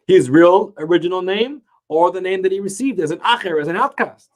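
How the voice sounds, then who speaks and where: A man teaching a Talmud class, telling the story with animated emphasis and slowing down to stretch key words. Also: high voice. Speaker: Torah teacher.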